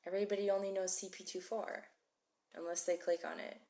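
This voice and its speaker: A woman's voice: medium pitch, level tone, a little fast, creaky, warm tone. A woman teaching a live-streamed Hebrew reading class, chatty and encouraging as she calls out viewers by name. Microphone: phone mic.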